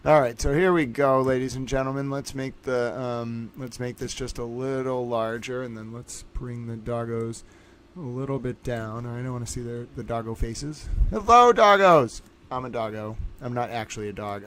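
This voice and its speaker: A man hosting a casual livestream trivia game, excitable and playful, swinging his voice up and down as he chats. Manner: excitable and playful, jumps between pitches.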